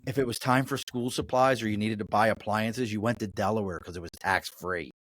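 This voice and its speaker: The recording is dry, capturing a fairly low male voice with fairly even intonation and a brisk delivery. A middle-aged Baltimore native of sorts, a Mid-Atlantic business owner, he chats casually as a podcast guest, his stories blunt and laced with profanity.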